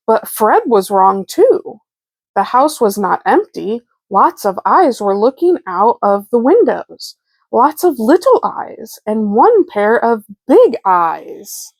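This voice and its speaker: A woman reading a children's picture book aloud, slow, clear and expressive. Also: medium pitch, no room sound. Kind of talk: storybook read-aloud.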